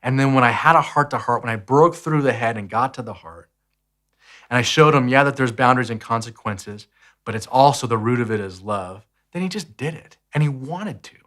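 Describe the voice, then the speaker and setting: A man's voice: mid-range voice, brisk, fairly bright tone. A man in his thirties hosting a podcast, giving an earnest, reflective teaching talk that tells stories and repeats key phrases.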